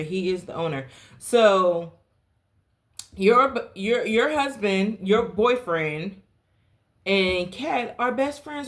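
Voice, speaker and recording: A young woman from the South Carolina Lowcountry spins a candid story for her podcast, her voice leaping high and dropping low as she gets into it. She sits at a mid-range pitch for a woman and speaks casually, with plenty of dramatic emphasis. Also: fairly bright tone. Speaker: podcast host.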